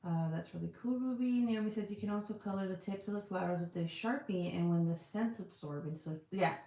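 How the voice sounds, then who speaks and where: A woman's voice: on the low side, fairly quick, dark tone, echoey room. A woman hosting a casual livestream, chatty and profane as she answers viewer comments. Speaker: livestream host selling scented products. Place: indoor room.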